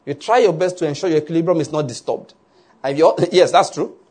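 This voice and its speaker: Male preacher, husky voice on the high side, animated sermon delivery, keeps asking the crowd if they get it. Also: a little fast. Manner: animated, asks "are you getting my point?" often, laughs along. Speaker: pastor.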